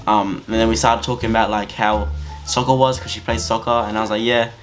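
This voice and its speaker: Animated man telling a story. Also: on the low side, fairly quick, faint music behind. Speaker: vlogger. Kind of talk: casual story time.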